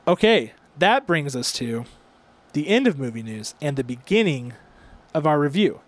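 Casting: male podcast host, slightly high voice, upbeat, rambles and restarts. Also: very animated, moderate pace. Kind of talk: casual chat.

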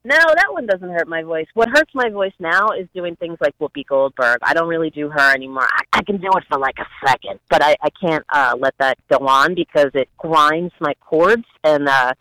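Lively woman guest, bright voice, laughs a lot, dry close mic. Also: deep voice, no room sound, low-quality recording. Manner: animated, giggly, quick restarts. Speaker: guest impressionist. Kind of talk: casual podcast chat.

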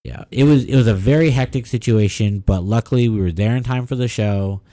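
A man co-hosting a casual podcast chat, telling stories in an animated way with quick asides. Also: lowish voice. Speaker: podcast co-host.

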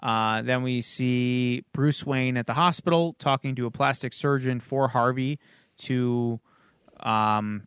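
A man of middle pitch with a smooth, resonant voice, recorded dry and close. He walks through a comic plot in a casual, rambling way, with plenty of ums and uhs. He sounds like a podcast host chatting with friends. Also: fairly bright tone, no echo. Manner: loose, rambling retelling with frequent um and uh. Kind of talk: casual chat recapping a comic issue.

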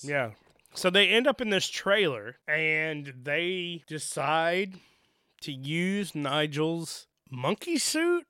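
A man's voice: a little high, sing-song, slow, pushed and bright, smooth, dry recording, clean studio sound. A man co-hosting a podcast, casually and jokingly recapping a horror movie with some swearing. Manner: amused, joking, profane. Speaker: podcast co-host.

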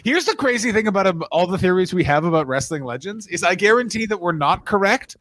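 A man's voice: high voice, lively intonation, fast, a bit bright, dry recording, clean studio sound. A man co-hosting a comedy podcast, riffing in casual chat and slipping into silly voices.

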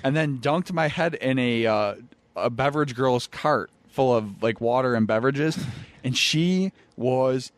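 A young man chatting casually on a podcast, swearing freely, who tells rowdy stories and acts out quotes louder. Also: medium pitch, unhurried, no echo. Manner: laid-back, profane, acts out quotes loudly. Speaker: former pro wrestler, guest. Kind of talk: casual podcast chat, storytelling. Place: studio. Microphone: studio mic.

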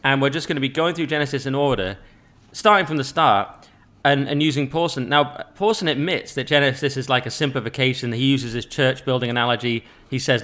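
A man's voice: medium pitch, brisk, a bit bright. A man hosting a podcast, explaining at length and setting out the structure of the discussion in casual conversation. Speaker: podcast host.

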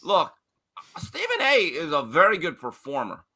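A male sports writer giving opinionated commentary on a talk show, talking in quick bursts. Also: fairly high pitch, huge pitch swings, a loud crowd. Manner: opinionated, fast bursts, quoting others in put-on voices.

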